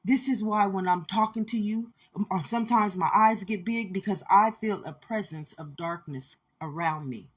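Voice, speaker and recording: Husky-voiced woman preaching with intensity. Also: medium pitch, normal speed, hardly any pauses. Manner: intense, repetitive, preachy, addresses listeners directly. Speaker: spiritual speaker. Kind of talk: impassioned spiritual monologue.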